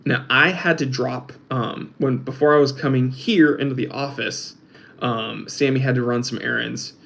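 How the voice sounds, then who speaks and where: Young man, livestream host, mid-pitched voice, rambling chat with fillers. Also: fairly even intonation, normal speed, creaky, a bit bright. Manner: chatty, rambling, with many restarts and fillers. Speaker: host of a watch channel, reading live chat.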